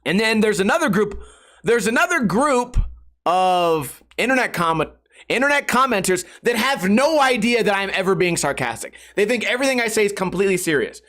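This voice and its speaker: A man's voice: high-pitched, sing-song, brisk, fairly bright tone. A young man hosting a solo podcast, ranting sarcastically with lots of swearing and mocking impressions of commenters. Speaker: podcast host.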